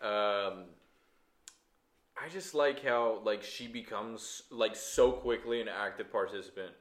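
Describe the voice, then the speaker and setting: A man in a casual podcast chat about a film, relaxed and a bit hesitant, with filler words. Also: on the low side, slow. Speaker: podcast co-host. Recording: roomy echo.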